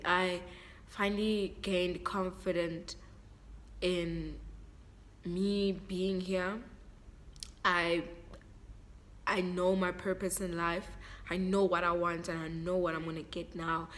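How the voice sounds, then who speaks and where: A young South African woman talks straight to her viewers in a casual vlog, heartfelt and chatty, circling back to repeat herself. Her voice sits a little low for a woman yet sounds bright and forward. A faint hiss runs underneath. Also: fairly even intonation, measured pace. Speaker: vlogger. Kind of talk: casual vlog talk to camera.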